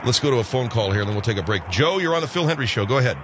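A male talk radio host steers his callers in a measured, skeptical way. His voice sits at a mid pitch, and the recording carries a lot of background noise. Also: lively intonation. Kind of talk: call-in talk radio hosting.

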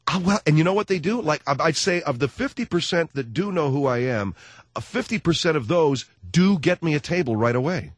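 Brash, lively male talk-radio host. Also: a little high, fairly quick, no echo, studio quality. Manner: brash, jokey, animated storyteller who acts out voices. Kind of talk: casual talk radio monologue.

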